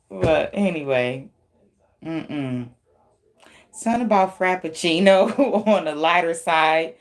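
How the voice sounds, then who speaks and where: A woman's voice: lowish voice, slow, long pauses. A woman giving a casual tarot reading, blunt and profane, laughing often as she talks. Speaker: tarot reader.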